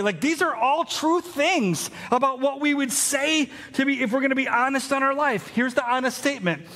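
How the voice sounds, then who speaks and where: A man's voice: very high-pitched, bright, forceful tone. A man, preaching a sermon as pastor in a conversational storytelling way. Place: large church hall. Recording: hall reverb.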